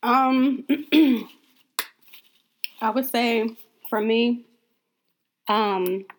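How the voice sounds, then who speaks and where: A woman's voice: on the high side, extremely slow, slight background noise. A woman co-hosting a casual podcast, chatty and joking, often laughing. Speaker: podcast co-host. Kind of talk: casual chat.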